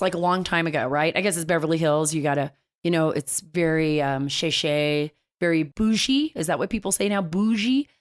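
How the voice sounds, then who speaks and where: Chatty, animated woman talk show host. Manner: chatty, animated storyteller with big pitch swings. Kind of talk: casual radio talk show.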